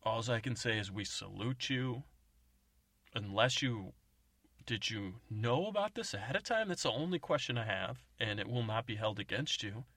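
A man voicing a composed, formal woman who leads a team of agents and speaks in a measured way. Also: mid-range voice, animated, fairly bright tone, husky, no room sound.

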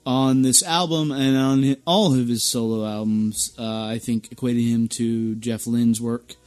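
A man's voice: mid-range voice, fairly even intonation, measured pace, darkish tone. A man hosting a casual album-review podcast, rambling and often restarting or repeating his words. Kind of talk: casual chat.

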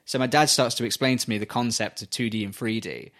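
A British man co-hosting a podcast in casual chat, swearing freely and telling animated stories with acted-out voices. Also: medium pitch, quick pace. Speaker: podcast co-host.

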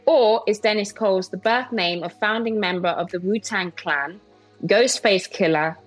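A woman's voice: medium pitch, normal speed, soft background music, low-quality recording. A woman co-hosting a podcast, playing a quiz in casual chat with a playful, teasing manner. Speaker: podcast co-host, quiz contestant.

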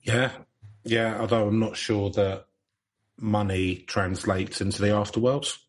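Husky low-voiced British man joking. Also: steady tone, unhurried. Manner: jokey, dry asides. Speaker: podcast co-host. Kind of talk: casual chat.

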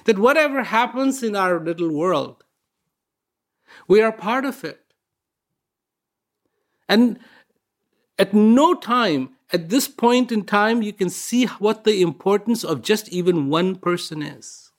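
A man's voice: high voice, expressive, slow, pauses often. A man hosting an inspirational talk, earnest and emphatic, repeating key words and asking rhetorical questions. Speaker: speaker, show host.

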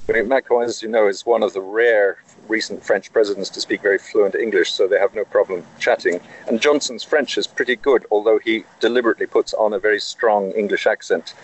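Husky-voiced man with a very deep tone. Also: fairly even intonation, low-quality recording. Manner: measured, with frequent hesitations. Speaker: correspondent in France. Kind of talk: interview answers.

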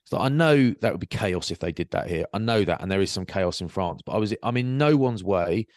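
A male co-host with a deep voice talks fairly quickly on a relaxed chat podcast, dramatizing his stories by acting out everyone's lines. Using a video-call microphone, he still sounds clean and studio-like, with no room sound.

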